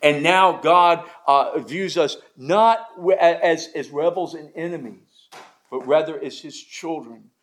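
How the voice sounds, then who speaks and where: Pastor, male, high-pitched voice, emphatic sermon delivery with repetition and homely asides. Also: unhurried, fairly bright tone. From American South.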